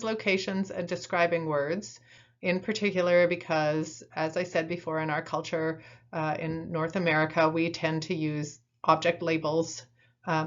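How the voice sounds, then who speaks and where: A woman calmly explaining parenting strategies in an instructional talk, pausing often with ums and uhs. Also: lowish voice. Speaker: instructor in a parent training video. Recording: dull, muffled recording.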